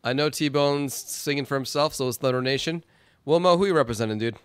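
A man's voice: mid-range voice, brisk, a bit bright, clear, resonant tone, no echo. A man hosting a singing contest in an online game lobby, upbeat and encouraging. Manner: upbeat and encouraging, lots of "all right". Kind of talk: casual game-stream hosting.

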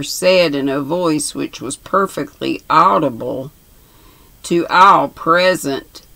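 A woman in her sixties calmly reading a novel aloud. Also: sits low, vocal fry, no echo, low-quality recording. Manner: calm, measured reading. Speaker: reader.

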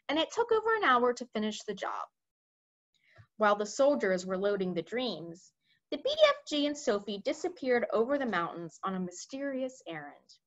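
Woman, storybook read-aloud, bright lively voice, slightly high, dull lo-fi sound. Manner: expressive, addresses listeners directly. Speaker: library read-aloud reader.

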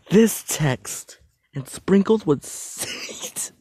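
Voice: medium pitch, animated, drawn-out words, long pauses, mellow, husky, no room sound. A creator who reads funny texts aloud, laughing often and apologizing for it. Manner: laughs often while reading. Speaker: video creator.

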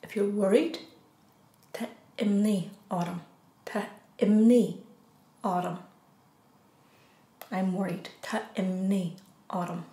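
A woman with an Irish accent teaching a beginner language lesson, saying each phrase slowly, repeating it, then giving the English. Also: medium pitch, steady tone, dark tone. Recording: echoey room.

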